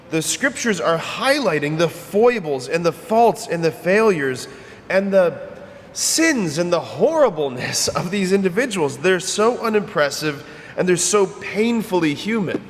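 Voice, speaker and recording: A man's voice: fairly high pitch, long reverb tail, a little hiss or hum. A male priest giving a homily in a conversational, emphatic way, often repeating his phrases.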